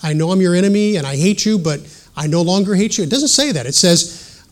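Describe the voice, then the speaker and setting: A man's voice: sits high, lively intonation, a little fast. A middle-aged man preaching a sermon in an earnest teaching manner, reading scripture aloud and adding self-deprecating asides.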